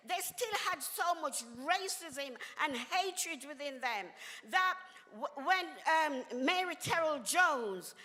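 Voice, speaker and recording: An older woman, a reverend, speaks with a high, bright voice and a preacher's emphatic cadence. Her words ring out with a long reverb, as if from a large hall. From England. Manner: emphatic, preacherly, with exclamations and laughter. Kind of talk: impassioned speech at a community event.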